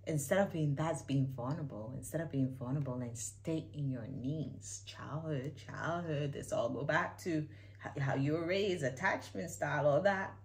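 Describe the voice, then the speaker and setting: A woman with a very low voice gives casual reaction commentary to her channel. She talks candidly and emphatically, with loud bursts that fall back into quiet asides. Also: moderate pace. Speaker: YouTuber reacting to a clip.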